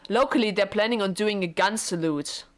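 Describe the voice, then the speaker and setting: A woman's voice: mid-range voice, moderate pace, natural voice. A woman reading as a lovesick formal husband. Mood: pleading. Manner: formal, pleading dialogue read aloud. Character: lovesick wealthy young husband, earnest and formal. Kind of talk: reading visual novel dialogue aloud.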